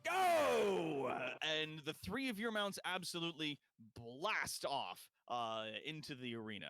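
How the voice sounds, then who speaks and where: A man's voice: fairly high pitch, animated, normal speed, pushed and bright, clean tone, no echo. A man running a tabletop game as game master, narrating in a loose, chatty way full of fillers.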